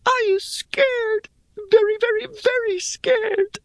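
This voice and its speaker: A man voicing a tiny, timid creature in a squeaky, piping, frightened voice. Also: fairly even intonation, slow, no echo, studio quality, exaggerated voice.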